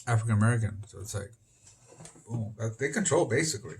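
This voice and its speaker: A man's voice: on the low side, lively intonation, quick pace, darkish tone, a little hiss or hum. A man being interviewed outdoors on the street, talking in a rambling, disjointed way that jumps between topics.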